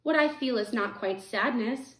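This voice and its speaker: A woman reading aloud voices a weary old woman who speaks softly and tenderly, raising her pitch for the part, in an echoey room. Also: moderate pace, lightly acted. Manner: soft, tender pleading.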